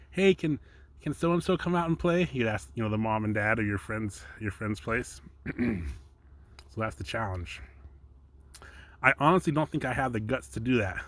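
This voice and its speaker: A man's voice: medium pitch, a bit bright. A man giving an informal Bible teaching from his slides, chatty and rambling, breaking off often to chuckle. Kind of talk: casual home teaching with slides.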